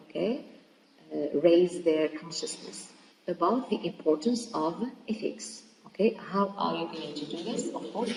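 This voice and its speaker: A woman's voice: lowish voice, darkish tone, a little hiss or hum. A woman teacher with an Algerian accent explaining an English grammar and pronunciation lesson, often checking in with "okay?". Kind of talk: recorded classroom lesson. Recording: echoey hall, voice from far off.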